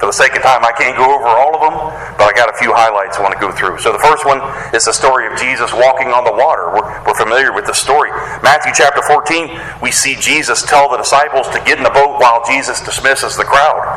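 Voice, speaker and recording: A man preaching a sermon, animated and casual, who acts out the voices of the people he quotes in a higher pitch. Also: fast talker, few pauses, roomy sound, a little hiss or hum, rough recording. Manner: casual wording with playful slang. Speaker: pastor.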